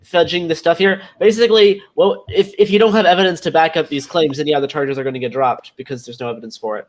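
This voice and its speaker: A speaker calmly explaining a point in a casual group chat on a stream. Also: mid-range voice, fast. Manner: earnest explaining.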